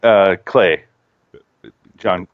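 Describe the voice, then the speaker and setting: A man with a lowish voice rambling through a casual podcast chat, often breaking into laughs. The sound is dull and dry, with no room to it. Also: very slow, dry recording.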